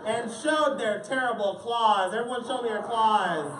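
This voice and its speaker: A drag queen with a mid-range voice reads a picture book aloud to children at a measured pace, tossing playful jokes to the audience. The indoor event space holds a family crowd, and the recording is echoey and distant from the mic, with background noise.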